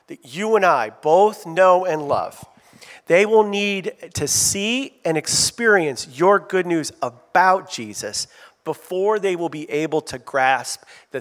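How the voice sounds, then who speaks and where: A man preaching a sermon as pastor, animated, drawing call-out answers from the congregation. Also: fairly high pitch. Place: church sanctuary. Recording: long reverb of a church hall.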